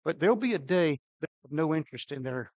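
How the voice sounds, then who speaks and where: An older man preaching a sermon with emphatic, dynamic delivery, his loudness swinging widely. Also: on the high side, animated, quick pace, no room sound, highs cut off. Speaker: pastor.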